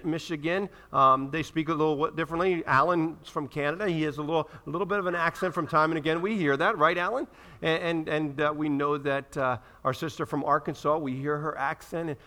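A man's voice: on the high side, bright, forceful tone. A man preaching a sermon to his church, asking the congregation questions. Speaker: pastor.

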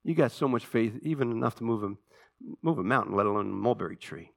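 A man preaching a sermon to his church, swinging between hushed, slow passages and emphatic, animated ones. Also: mid-range voice, creaky. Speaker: pastor.

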